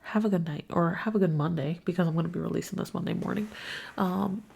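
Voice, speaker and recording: Tired sick young woman podcasting solo, gravelly husky voice, swears a lot, just venting. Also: lowish voice, steady tone, fast talker, darkish tone. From New York. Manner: weary, frank and profane. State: sick, congested. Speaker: podcast host.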